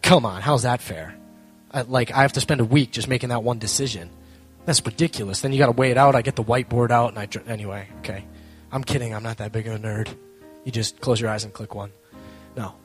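A young man speaking to a live audience, telling a lively story with self-mocking humor and acting out both sides of the conversation. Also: medium pitch, breathy edge. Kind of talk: animated storytelling talk.

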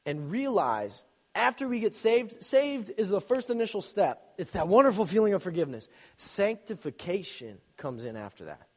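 Young guy preaching casual, voice jumps all over, kinda high, big echoey hall. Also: normal speed, hardly any pauses. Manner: animated, joking storyteller with sudden loud bursts. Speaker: youth speaker. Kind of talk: casual sermon. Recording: long reverb in a hall.

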